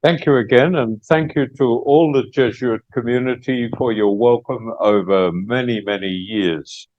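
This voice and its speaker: An Australian man giving a public lecture as guest speaker, unhurried and with many hesitations. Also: medium pitch, muffled recording.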